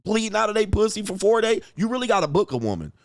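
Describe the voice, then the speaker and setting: A high-voiced man in his forties hosts a livestream, talking fast with big pitch swings as he rants profanely, mocks critics, and reads viewer chat. The audio is studio quality with no room sound.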